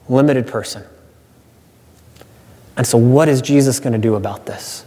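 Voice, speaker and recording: A man's voice: medium pitch, moderate pace, pauses often, dark tone. Earnest preaching man in a reverberant hall. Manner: earnest, emphatic preaching with repeated refrains. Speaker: pastor. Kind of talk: sermon.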